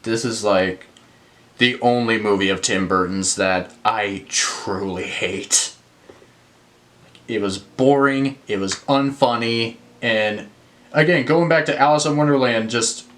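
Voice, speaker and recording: A man's voice: medium pitch, fairly bright tone. A young man reviewing films in a casual rant, exasperated, swearing and using lots of fillers. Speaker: movie reviewer.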